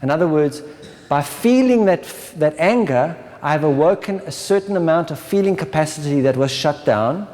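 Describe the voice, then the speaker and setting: A man's voice: on the high side, expressive, normal speed, darkish tone. A man giving a spiritual workshop talk, often checking in with "right?" and acting out inner voices in short asides. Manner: checks in with listeners with a constant "right?". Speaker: workshop presenter. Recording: lecture hall with long reverb.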